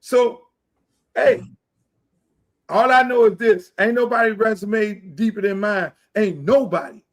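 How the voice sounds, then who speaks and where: A middle-aged man hosting a podcast, ranting loudly and boastfully, with a lot of profanity. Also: high voice, expressive, measured pace. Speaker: podcast host. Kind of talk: heated casual talk.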